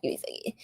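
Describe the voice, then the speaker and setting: A young woman doing a casual livestream tarot reading, giggling often and talking in loose slang to her viewers.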